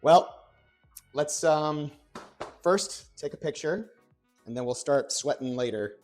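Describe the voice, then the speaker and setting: A young man chatting on a cooking livestream, rambling and excitable, with playful exclamations and restarts. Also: on the high side, takes it slowly. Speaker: streamer. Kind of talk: casual cooking livestream chat. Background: faint background music.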